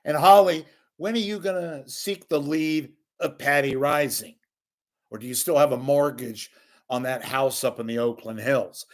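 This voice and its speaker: A man's voice: mid-range voice, normal speed. An older man giving a sarcastic, scornful solo rant as a media commentator, swearing freely.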